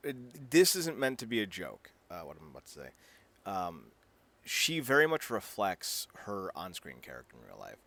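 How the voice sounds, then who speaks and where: A male podcast co-host with a slightly low voice, talking in an easygoing, meandering way. He chats casually and often laughs at his own asides. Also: normal speed, creaky. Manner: lively, rambling, laughs at his own jokes. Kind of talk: casual chat.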